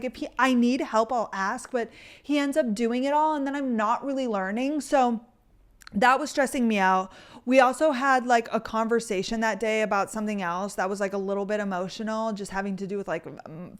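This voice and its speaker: A woman in her twenties hosting a casual solo podcast, talking fast and loose with lots of "like" and the odd swear word. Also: fairly high pitch. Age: 20s. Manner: chatty, fillers of "like", casual swearing. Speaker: podcast host.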